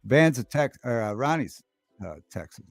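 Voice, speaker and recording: A man hosting a relaxed livestream talk show, chatting loosely with viewers and repeating his favorite movie lines with relish. His voice sits at an ordinary middle pitch. It is recorded dry and close to the mic, with faint music playing behind him. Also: moderate pace, dry recording. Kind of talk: casual chat, reading live chat aloud.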